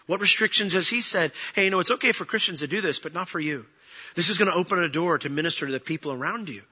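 A man preaching a sermon as pastor, lively and acting out the people he quotes. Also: on the high side, slightly rough, muffled recording. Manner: animated, acts out quoted voices.

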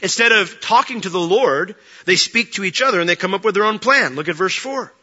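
A man preaching a sermon, animated and humorous, acting out quotes as he talks. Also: high-pitched, a little fast, big-room sound, highs cut off. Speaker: pastor.

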